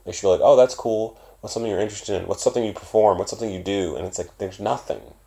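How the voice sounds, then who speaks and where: A young man talks straight to camera in a loose, rambling vlog, swearing freely. His voice sits very low with a gravelly fry, and he swings between loud bursts and mumbled asides. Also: very fast. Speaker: vlogger. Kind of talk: casual rambling monologue.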